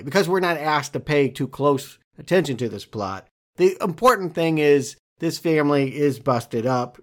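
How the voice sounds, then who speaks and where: A man in a casual film podcast chat talks at a middling pitch. He breaks down plot and gags in a measured, analytical way. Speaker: podcast co-host.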